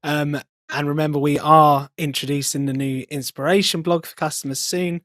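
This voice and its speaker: High-voiced man announcing on a podcast. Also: flat delivery, moderate pace, fairly bright tone, dry recording, clean studio sound. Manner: announcing, reading out details. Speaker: podcast co-host. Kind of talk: casual podcast chat.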